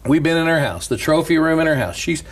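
Animated husky-voiced male preacher. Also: fairly high pitch, fast. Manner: animated storyteller, chuckling often. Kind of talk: storytelling in casual talk.

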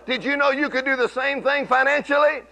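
A man's voice: very high voice, fairly even intonation, brisk, pushed and bright, poor audio. A middle-aged man preaching a sermon, telling folksy stories and rising into emphatic bursts.

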